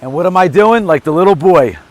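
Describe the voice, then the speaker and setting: Energetic man telling a motivational story. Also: high-pitched, brisk, dry recording. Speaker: motivational vlogger. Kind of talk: casual motivational monologue.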